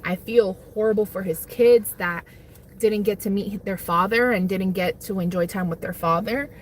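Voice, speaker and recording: A woman's voice: mid-range voice, normal speed, slight background noise. A young woman hosting a casual livestream on her lunch break, rambling while she eats and reads chat. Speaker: livestream host. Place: parked car on lunch break.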